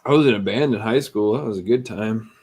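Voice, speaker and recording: A man's voice: on the low side, brisk, a little mellow, breathy edge. A man casually chatting and telling stories while streaming a farming game. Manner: storytelling, laid-back. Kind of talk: casual gameplay chat.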